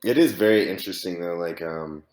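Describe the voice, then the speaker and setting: Low-voiced man in his twenties, loose rambling podcast host, swears a lot, roomy echo. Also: brisk, a little mellow. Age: 20s. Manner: rambling, heavy use of "like" and swearing. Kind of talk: casual chat.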